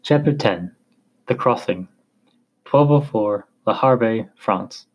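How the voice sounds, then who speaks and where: Slow, measured male storyteller. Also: on the low side, poor audio. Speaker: narrator. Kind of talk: storybook narration.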